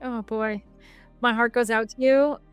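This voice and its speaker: A woman's voice: fairly high pitch, fairly even intonation, unhurried, clear, resonant tone, no room sound, highs cut off, faint music behind. A woman guest on a podcast, co-founder of an advocacy group, speaking earnestly and practically with frequent "um" fillers. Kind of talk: podcast interview, giving advice.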